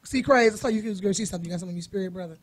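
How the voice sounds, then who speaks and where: A woman's voice: mid-range voice, racing. A woman hosting a casual talk show, joking in a brash, raunchy, teasing way with her guests. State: tired after a long weekend. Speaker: talk show host and comedian. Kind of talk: casual chat show banter.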